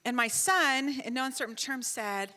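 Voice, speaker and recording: A middle-aged woman on a conference panel, telling a story in an animated, self-mocking way and acting out the dialogue. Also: high-pitched, normal speed, long reverb tail. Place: large conference hall.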